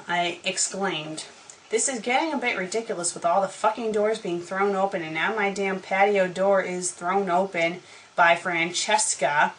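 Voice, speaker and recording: A woman's voice: medium pitch, normal speed, fairly bright tone, poor audio. Sarcastic woman reading fanfiction aloud. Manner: sarcastic, profane, exasperated. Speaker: fanfiction critic. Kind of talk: comedic dramatic reading with commentary.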